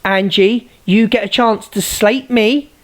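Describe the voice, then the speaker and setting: A woman's voice: medium pitch, takes it slowly. A woman ranting angrily at viewers on a live stream, swearing and repeating herself.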